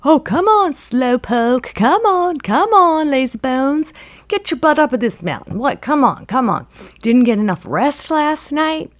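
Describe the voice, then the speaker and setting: A woman's voice: low-pitched, very animated, a little slow, vocal fry, few pauses, a bit bright, exaggerated voice. A woman doing a smug, taunting male climber. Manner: taunting, hollering down a mountain.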